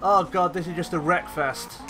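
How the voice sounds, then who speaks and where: A young man giving excitable live commentary on a racing game, swearing whenever things go wrong. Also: high voice, moderate pace, background noise. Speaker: gaming YouTuber.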